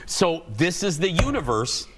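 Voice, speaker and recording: A man's voice: fairly high pitch, a little slow, heavy background noise. A middle-aged man hosting a talk show, telling a comic, self-mocking story to a studio audience. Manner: chatty, self-mocking, animated.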